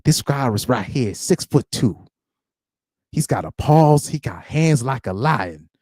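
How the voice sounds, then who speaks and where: A man's voice: medium pitch, expressive, unhurried, darkish tone, no room sound, studio quality. A man voicing a male Southern football scout with a Southern accent, bluntly sizing up a player. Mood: appraising.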